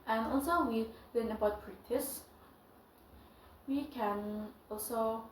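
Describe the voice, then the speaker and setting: Give me a young woman with an Indonesian accent teaching a bilingual English lesson with a slightly high voice, recorded in an echoey room. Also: recorded from a distance, slight background noise. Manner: switches between English and Indonesian, halting English.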